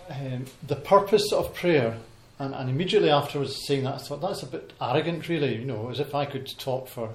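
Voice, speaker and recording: A man giving an informal Bible talk to a congregation, pausing often with ums and restarting his sentences. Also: mid-range voice. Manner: hesitant, many ums and restarts. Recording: echoey hall with faint noise.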